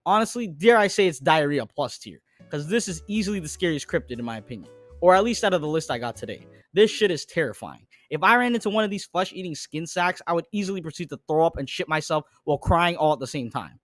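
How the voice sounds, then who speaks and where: Fast-talking crude comedy narrator, man. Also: a little high, no echo. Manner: crude, jokey, deadpan asides.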